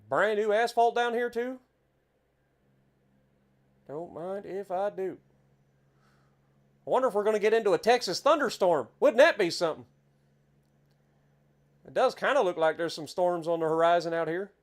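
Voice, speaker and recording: A man with an Appalachian accent giving chatty, excitable commentary while playing a driving game. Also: sits high, normal speed, long pauses. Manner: chatty, easily excited, exclaims at scenery. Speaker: game streamer. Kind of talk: casual gameplay commentary.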